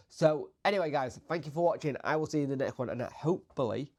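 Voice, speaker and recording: A man with a bunged-up, congested voice, feeling unwell and talking casually as the host of a football fan channel, chatty and rambling and trailing off quieter. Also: medium pitch, steady tone, moderate pace. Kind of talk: casual solo video commentary.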